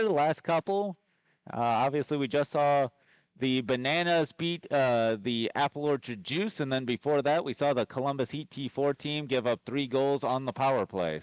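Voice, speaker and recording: A man's voice: medium pitch, clean tone, dry recording. Easygoing man giving joking color commentary. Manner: relaxed, joking asides. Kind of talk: live hockey commentary. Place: ice arena broadcast.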